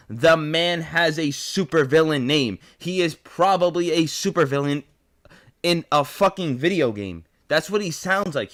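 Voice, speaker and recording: A man's voice: fairly high pitch, a bit bright. A young man with a New York accent ranting as host, incredulous and profane, repeating himself as he builds up. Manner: incredulous, swearing, repetitive rant.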